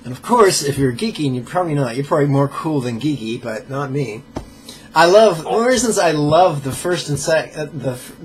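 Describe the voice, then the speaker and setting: A man leading a pronunciation drill as a meditation teacher, playful and joking, sounding out syllables slowly and carefully. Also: fairly high pitch, animated, a little hiss or hum. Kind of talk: pronunciation drill in a live lesson.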